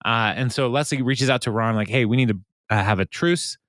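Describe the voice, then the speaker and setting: A man's voice: medium pitch, fairly quick, fairly bright tone, dry recording, studio quality. A man on a podcast retelling a TV episode in casual chat, laughing often as he quotes the characters. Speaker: podcast host recapping a TV episode.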